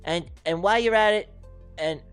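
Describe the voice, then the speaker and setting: A man's voice: high-pitched, moderate pace, a bit bright, clean tone, faint music behind. A man hosting a live trading stream, venting and swearing as he talks his chat through a trade that went wrong. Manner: exasperated, venting, profane. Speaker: livestream trading host.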